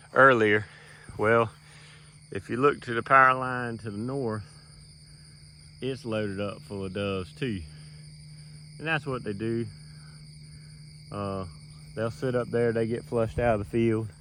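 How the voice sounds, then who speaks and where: A middle-aged land manager films his dove field while walking, narrating a casual outdoor vlog on a handheld camera in a rural field. His medium-pitched voice is slow and sharp, with frequent pauses, and he sounds folksy, rambling, full of fillers and a little out of breath. A slight hiss or hum runs under the recording.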